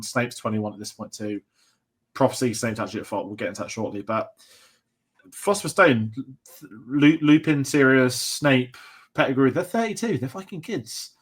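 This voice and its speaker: A man co-hosting a casual film podcast, excitable and rambling, swearing casually. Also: medium pitch, moderate pace. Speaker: podcast co-host.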